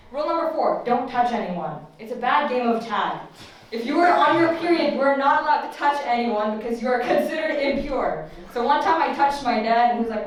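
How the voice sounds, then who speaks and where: A woman's voice: fairly high pitch, a little hiss or hum. A young woman performing a stand-up comedy set at an open mic, chatty and profane, often laughing at her own lines. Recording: echoey room, far from the mic.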